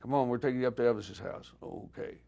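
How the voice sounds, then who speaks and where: An older man telling stories in a relaxed, anecdotal way during an interview, acting out the dialogue he quotes. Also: medium pitch, quick pace, gravelly, lo-fi sound. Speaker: guest musician. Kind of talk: storytelling interview.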